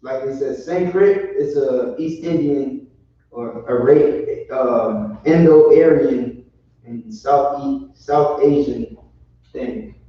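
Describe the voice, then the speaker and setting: Man reading aloud slowly. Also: mid-range voice. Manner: slow, halting reading. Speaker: reader in class. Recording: distant, echoey, dull lo-fi.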